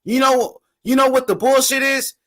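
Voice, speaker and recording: High-voiced insistent man arguing. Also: steady tone, moderate pace, fairly bright tone. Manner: insistent, interrupting, keeps saying bro. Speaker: boxing show host. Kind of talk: heated casual debate.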